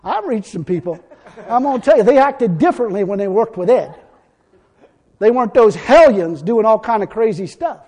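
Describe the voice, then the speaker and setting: A man preaching a fiery sermon, folksy and blunt, now and then breaking into shouts. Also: sits high, lively intonation, moderate pace, slightly rough.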